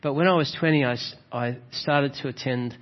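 A man preaching a gentle, reflective sermon, often adding rhetorical tag questions. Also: mid-range voice, normal speed. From Australia. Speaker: pastor. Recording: slightly dull, lo-fi sound.

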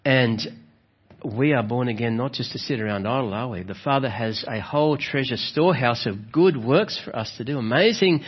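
A man preaching a gentle, reflective sermon, often adding rhetorical tag questions. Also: mid-range voice, normal speed, slightly rough. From Australia. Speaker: pastor. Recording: slightly dull, lo-fi sound.

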